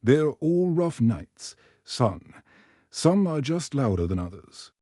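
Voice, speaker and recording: A man's voice: mid-range voice, sing-song, slow pace, dark tone, no room sound, clean studio sound. A man doing a weary old war veteran. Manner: tired, world-weary.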